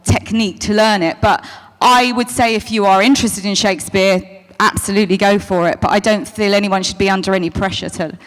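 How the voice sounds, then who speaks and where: A woman's voice: medium pitch, steady tone, fairly quick, hardly any pauses. A woman answering fan questions at a convention, chatty, stopping and restarting, calling people darling. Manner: chatty, self-interrupting, calls people darling. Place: convention hall stage. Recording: long hall reverb.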